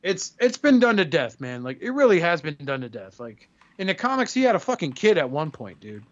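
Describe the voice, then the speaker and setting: A man co-hosting a podcast in casual chat, swearing freely and telling animated stories. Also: on the high side, fairly quick, dry recording, lo-fi sound. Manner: profane, animated storyteller who acts out quotes. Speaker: podcast co-host.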